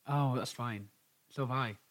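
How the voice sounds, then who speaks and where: A man co-hosting a podcast, teasing and camp in casual chat. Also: mid-range voice. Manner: teasing, camp and quick-witted. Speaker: podcast co-host.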